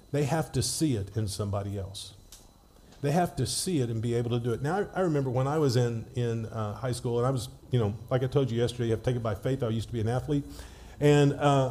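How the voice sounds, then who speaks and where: Mellow-voiced man preaching conversationally. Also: mid-range voice. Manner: conversational storytelling with frequent restarts. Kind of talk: sermon.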